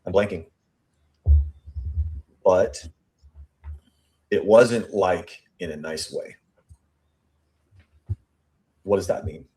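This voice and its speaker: Lower-pitched man breaking down statements. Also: darkish tone. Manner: thinking aloud, repeats and restarts phrases, pace shifting between slow and rushed. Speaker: true crime show host. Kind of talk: statement analysis commentary, reading quotes aloud.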